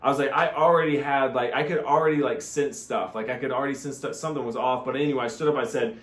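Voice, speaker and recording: Man, rambling vlog monologue, earnest, lots of filler words, middle pitch, echoey room. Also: fairly even intonation, quick pace. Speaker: vlogger. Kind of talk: casual personal monologue.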